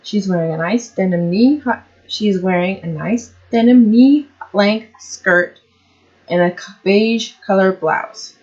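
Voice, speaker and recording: A woman's voice: medium pitch, slow pace, a little mellow, highs cut off. A woman reading a story aloud, with casual asides and frequent self-corrections.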